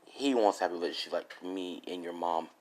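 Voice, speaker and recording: Man doing a wry muttering father figure, lower, quiet, fan story. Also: fast, a little hiss or hum, natural voice.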